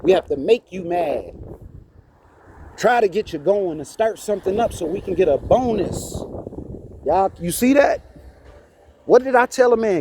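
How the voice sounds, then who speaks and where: A man's voice: high-pitched, expressive, a little slow, pauses often, warm tone, slight background noise. A man ranting indignantly to his phone camera outside a church, preachy and repetitive. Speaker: vlogger.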